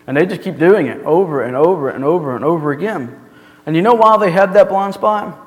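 Higher-voiced man preaching in a reverberant hall. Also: brisk. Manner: earnest preaching with rhetorical questions. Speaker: pastor. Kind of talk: sermon.

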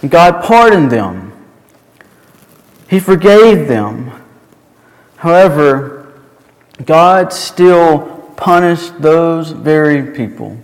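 A man's voice: fairly high pitch, animated, extremely slow, pauses often. A male preacher delivering a sermon and retelling scripture in an emphatic storytelling manner. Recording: long hall reverb.

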